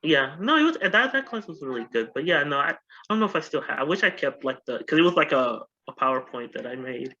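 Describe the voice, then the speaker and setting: A man's voice: a little high, very animated, quick pace, sharp tone, muffled recording. A man co-hosting a podcast in casual chat, rambling with lots of restarts. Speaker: podcast co-host.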